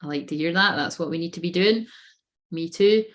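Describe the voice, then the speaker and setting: A woman's voice: fairly low pitch, brisk. A woman running a casual live tarot reading. She talks in a rambling, sweary way and often breaks into giggles. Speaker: tarot reader.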